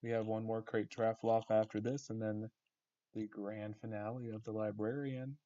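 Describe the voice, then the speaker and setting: A low-voiced man with a flat, monotone delivery reads out raffle winners to his game community. The sound is dull and lo-fi, like a voice chat capture. His talk is casual and loose. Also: normal speed. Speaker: online game community host. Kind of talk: casual live raffle announcing.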